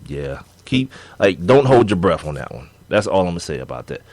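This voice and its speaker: Young male podcast co-host, low lively voice, dry close sound, riffing on basketball. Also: fairly quick, no echo. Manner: animated, laughing, acts out players' quotes. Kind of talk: casual sports talk.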